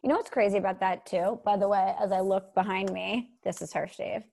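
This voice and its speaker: An earnest woman in her thirties, chatting casually as a co-host. She tells her stories in an animated, heartfelt way, with a voice of middling pitch. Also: fairly quick, creaky. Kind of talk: casual chat.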